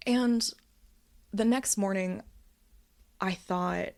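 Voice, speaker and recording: A woman's voice: mid-range voice, drawn-out words, darkish tone. A woman in her thirties giving a candid personal update, telling a story in a worked-up, swearing way. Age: 30s. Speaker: vlogger.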